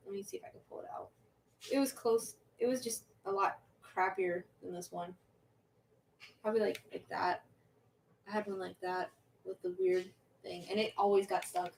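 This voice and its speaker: Young woman streamer, rambling, giggly chatter, mid pitch, distant mic with faint noise. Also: a little mellow. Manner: rambling, self-interrupting, giggly. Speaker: livestream host. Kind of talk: casual chat reading viewer questions.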